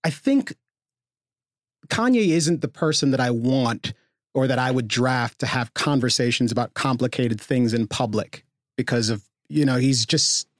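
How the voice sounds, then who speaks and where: A man on a podcast panel who lays out long, earnest arguments, his pitch jumping up at the end of a point. His voice is at a middle pitch and recorded close and dry. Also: a little slow, no echo. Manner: earnest, expansive, animated rises. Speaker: podcast co-host. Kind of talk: casual panel discussion.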